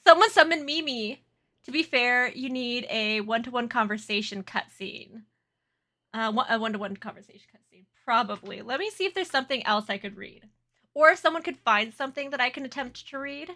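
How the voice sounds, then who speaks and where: Giggly female streamer, bright, fairly high voice, casual chat with viewers. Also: brisk. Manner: giggly, laughs often, flustered and chatty.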